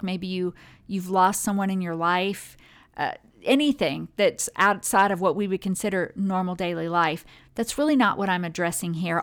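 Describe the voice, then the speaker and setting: A woman's voice: mid-range voice, smooth. A woman hosting a motivational talk on well-being, speaking directly and conversationally to her listeners.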